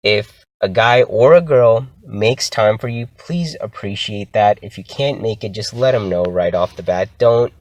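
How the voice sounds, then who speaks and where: A man's voice: fairly low pitch, a little slow, hardly any pauses, darkish tone, no room sound. A young man hosting his own podcast and ranting casually and with exasperation about his pet peeves. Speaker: podcast host. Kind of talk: casual solo rant.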